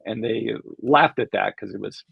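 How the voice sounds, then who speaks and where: A man's voice: fairly low pitch, moderate pace, gravelly, breathy edge, no room sound. An older man, an animation creator, telling rambling anecdotes in a casual interview, chuckling and acting out quoted voices. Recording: dull lo-fi sound.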